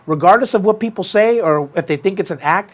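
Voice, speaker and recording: A somewhat high-voiced man chatting casually on a combat sports show. He tells his story with animated energy and slips into a raised voice whenever he quotes someone. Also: quick pace. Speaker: podcast host.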